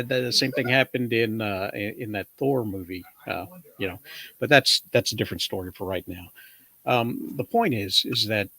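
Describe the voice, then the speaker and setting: A man talking in a measured way about comic book films, often pausing with "uh" and "um". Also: on the low side, sharp tone, dry recording. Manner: measured, many fillers like uh and um. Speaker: podcast guest. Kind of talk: casual movie discussion.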